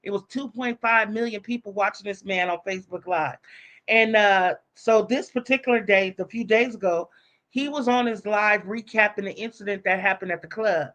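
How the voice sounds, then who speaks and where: A woman's voice: mid-range voice, normal speed, a bit bright. A woman live streamer telling a story in casual, profane talk, acting out the voices of the people she quotes.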